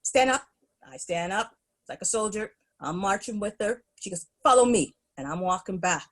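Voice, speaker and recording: A middle-aged woman, a podcast guest, telling school stories in an animated, laughing way. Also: fairly low pitch, moderate pace. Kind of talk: storytelling in a podcast interview.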